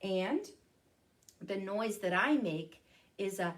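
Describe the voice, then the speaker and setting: A woman voicing a long, legless snake, speaking lower and quietly with a hiss. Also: animated, takes it slowly. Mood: sly.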